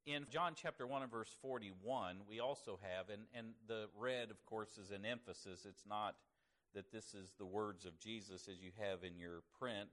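A man with a fairly low voice teaches a Bible lesson to his congregation. His delivery is measured and unhurried, and he leans on important words as he reads the verses aloud. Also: a bit bright. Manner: measured, stresses key words, reads scripture slowly. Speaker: preacher.

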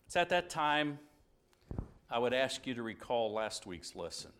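A man teaching an informal Bible lesson, retelling the scene in a conversational way with restarts and asides, moving between loud passages and hushed ones. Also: mid-range voice, very animated, unhurried, slight background noise.

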